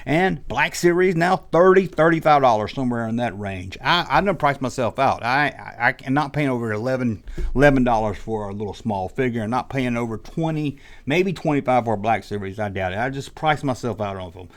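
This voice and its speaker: A man's voice: medium pitch, expressive, a little fast. A man ranting in a rambling, exasperated monologue about the toy business, slipping into mock quotes. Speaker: toy collector YouTuber. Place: indoors, audio only.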